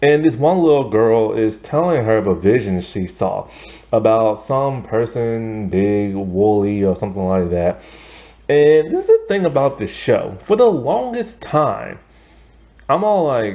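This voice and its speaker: A man's voice: on the low side, very animated, unhurried, warm tone. A man casually recapping a TV episode in a chatty way, with many fillers and frequent laughs. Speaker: TV show reviewer.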